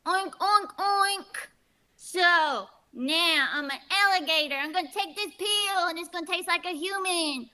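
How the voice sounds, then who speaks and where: Brief: woman plays a bright, high, chirpy oddball auditioner making animal noises on a video call. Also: a little slow, heavily acted. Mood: eager. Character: odd, overeager small woman auditioning.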